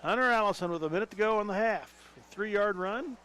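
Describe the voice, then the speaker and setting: A man calling plays for a local high school football broadcast. His voice sits a touch higher than most men's, and he talks in a folksy, excitable way, chuckling now and then between calls. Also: brisk. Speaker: play-by-play announcer. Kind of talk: local sports commentary.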